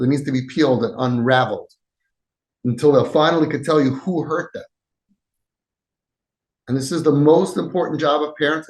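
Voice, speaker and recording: Emphatic man in an echoey room. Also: fairly high pitch. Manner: emphatic, acts out quoted dialogue, swings between loud and soft. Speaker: parenting podcast host. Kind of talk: impassioned advice talk.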